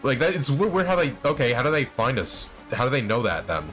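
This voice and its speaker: A man's voice: medium pitch, sing-song, fairly quick, over music. A young man casually commenting on a video game stream, rambling, swearing and laughing often. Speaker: let's play streamer.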